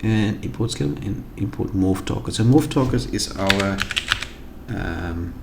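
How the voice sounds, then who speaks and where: A man with a South African accent talking through a software tutorial, thinking aloud as he clicks through menus. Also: lowish voice, animated, a little slow, vocal fry. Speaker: tutorial host. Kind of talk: screen-recorded software tutorial. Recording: echoey room with noise and keyboard typing.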